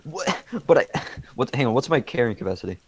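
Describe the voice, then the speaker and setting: A man playing in a tabletop game, chatting casually and swearing excitedly. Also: medium pitch, quick pace, slightly rough. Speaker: player. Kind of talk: casual role-play chat.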